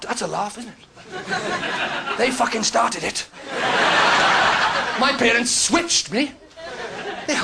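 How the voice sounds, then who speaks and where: Welsh stand-up comic, very high and raspy, working a live crowd. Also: male voice. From Wales. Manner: conversational, teasing the audience, sudden loud outbursts. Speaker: stand-up comedian. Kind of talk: stand-up comedy set. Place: comedy club stage before a live audience. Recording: noisy live club recording.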